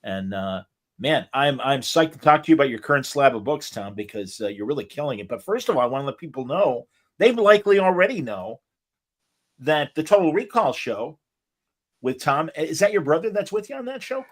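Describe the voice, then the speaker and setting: A man hosting a casual interview show, chatty and enthusiastic, often pausing on fillers as he talks. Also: fairly high pitch, sing-song. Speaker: host.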